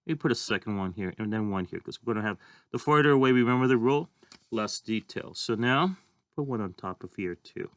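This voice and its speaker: A man's voice: lowish voice, lively intonation, brisk, a bit bright, no echo, studio quality. A man teaching a drawing lesson, talking casually and thinking aloud as he draws. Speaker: art teacher.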